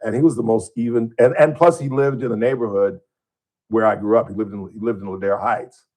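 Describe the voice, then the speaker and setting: A man's voice: on the low side, steady tone, fairly quick, a little mellow. A middle-aged male radio host chatting casually and rambling through anecdotes in the studio. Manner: rambling storyteller, imitates voices in anecdotes.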